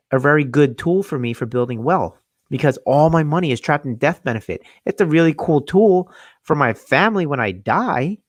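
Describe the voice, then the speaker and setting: A man walks viewers through a presentation in a lively, emphatic way, circling back over his points and repeating them. His voice sits in a middle pitch. The sound is dry and close, with no room echo. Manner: animated, emphatic, repeats himself. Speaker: finance video host. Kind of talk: casual explainer presentation.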